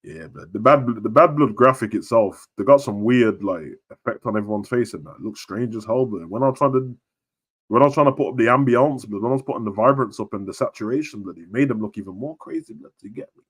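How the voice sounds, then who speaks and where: A young man chatting casually on a live stream about wrestling, full of slang, jumping between shouting and near-whispers. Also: mid-range voice, fast, slightly rough.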